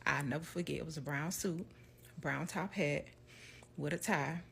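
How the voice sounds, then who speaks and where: Animated woman telling a story. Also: low-pitched, normal speed, vocal fry, a little hiss or hum. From Southern US. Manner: animated, laughs often, acts out quotes. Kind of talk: storytime vlog.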